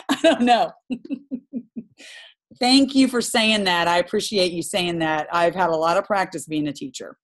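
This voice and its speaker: Woman, group coach, animated and direct, laughs easily. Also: lowish voice, takes it slowly, pauses often. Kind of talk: live group coaching call.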